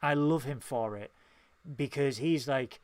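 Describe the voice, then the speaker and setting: A man's voice: mid-range voice, unhurried, darkish tone, no echo. A man with a Northern English accent, co-hosting a casual podcast and speaking in an impassioned, emphatic way. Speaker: podcast co-host.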